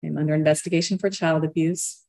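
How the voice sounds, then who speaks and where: A woman's voice: low-pitched, fairly even intonation, fast talker, gravelly, a little mellow. Earnest woman retelling her story. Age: adult parent of young children. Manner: earnest, with a nervous laugh. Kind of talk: personal storytelling.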